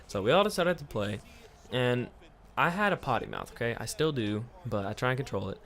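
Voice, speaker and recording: A man's voice: medium pitch, sing-song, fairly quick, a bit bright. A man telling a childhood story for his vlog, laughing often and swearing freely. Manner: profane, laughing, rambling storytelling. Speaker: vlogger.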